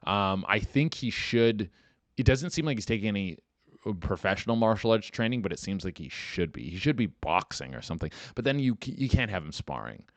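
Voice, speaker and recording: A man hosting a podcast in casual, rambling talk, full of swearing and fillers, getting animated when excited. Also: on the low side, fairly quick, no echo. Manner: rambling, profane, lots of "like" and "dude". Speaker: podcast host.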